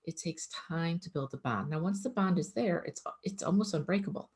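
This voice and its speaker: A woman with a low-pitched voice talks through casual advice as an animal communicator. She speaks earnestly and conversationally, often circling back to repeat her point. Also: a little mellow.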